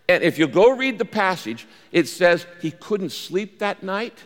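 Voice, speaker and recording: A man preaching a sermon as the pastor, animated and acting out the voices in the story he tells. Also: unhurried, hardly any pauses. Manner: animated preacher, acts out quoted lines with big pitch jumps. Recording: long reverb of a large hall.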